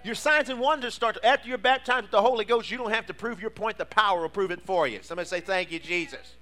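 A man preaching a sermon, calling for responses from the congregation and rising to fervent shouts. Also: sits high, quick pace. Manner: preaching with call-and-response prompts. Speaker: pastor.

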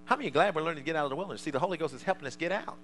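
High, bright-voiced fervent preacher man. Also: rapid-fire, a little hiss or hum, low-quality recording. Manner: fervent, swings from soft asides to loud shouting. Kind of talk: sermon.

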